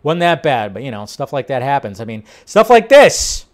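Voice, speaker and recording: A man hosting a casual entertainment news talk, animated and rambling, laughing often. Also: mid-range voice, normal speed. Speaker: host.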